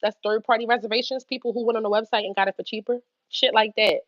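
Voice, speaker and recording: A woman's voice: on the high side, fairly even intonation, fast, dry recording. A woman talks through her overnight hotel job in a loose, profane, conversational way, often asking if the listener follows. The sound is dry and close, with a dull, lo-fi quality. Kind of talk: casual explainer talk.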